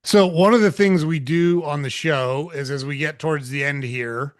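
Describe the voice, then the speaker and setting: A man hosting a podcast interview, talking upbeat and quick with filler words. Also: fairly high pitch, no room sound, clean studio sound. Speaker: podcast host.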